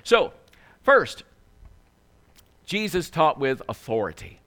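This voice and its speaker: A man delivers a sermon in a church with a slightly raised pitch. He sounds earnest and conversational, dropping in casual asides as he explains scripture to his listeners. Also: big pitch swings, takes it slowly, fairly bright tone. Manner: conversational, earnest, with frequent "you know". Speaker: preacher.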